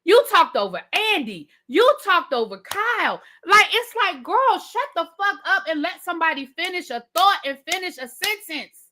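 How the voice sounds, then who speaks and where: A woman with a high, bright voice delivers a live TV review as a heated rant. She swears freely and hammers her points through repetition. She talks slangily, calling her viewers y'all and baby. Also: sing-song, normal speed. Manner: heated, profane, repetitive ranting. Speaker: TV show reviewer.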